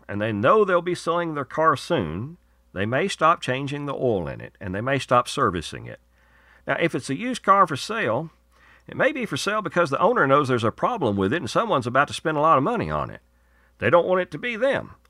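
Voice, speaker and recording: Folksy man with a lively voice. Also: medium pitch, no room sound, studio quality. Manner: folksy, earnest and persuasive. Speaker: radio show host. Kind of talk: scripted radio segments and promos.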